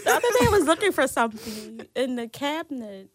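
Woman with a really high voice, dry close sound, jokes about her own slipups. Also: big pitch swings, fairly quick, husky, no echo. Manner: self-mocking, laughs at her own mix-ups. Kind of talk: casual chat.

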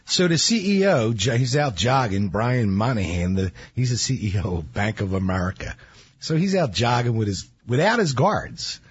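A man's voice: mid-range voice, normal speed, breathy edge, dry recording, lo-fi sound. A man hosting a casual radio show, chatty and jokey, telling stories. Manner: jokey, animated storyteller.

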